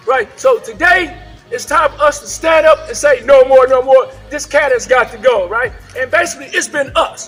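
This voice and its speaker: At an outdoor rally, a man with a very high voice delivers a fiery protest speech. He shouts frequently and keeps asking the crowd "right?"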